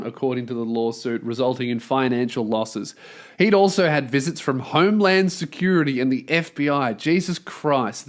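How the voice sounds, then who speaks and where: An Australian man, a comedian, reading a news story aloud and riffing on it with sarcastic, profane asides. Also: on the high side. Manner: sarcastic, profane, reads article then riffs. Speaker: comedian host.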